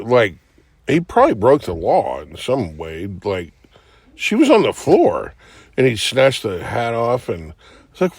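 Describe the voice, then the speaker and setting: A podcast host tells a long, rambling, profane story in casual chat, acting out what people said with sudden shouts. His mid-range voice swoops wildly in pitch, unhurried with a breathy edge, on a dry recording.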